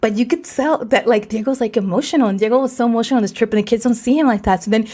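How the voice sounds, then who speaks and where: A woman in her forties hosting a podcast, telling a story in a rapid, animated way, dropping Spanish words and swearing freely. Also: fairly high pitch. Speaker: podcast host. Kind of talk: casual storytelling.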